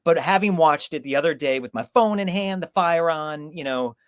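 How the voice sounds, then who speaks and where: A man's voice: fairly high pitch, lively intonation, normal speed, clean tone, no echo. An American man hosting a casual film-discussion podcast, giving candid opinions and personal anecdotes. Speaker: podcast host.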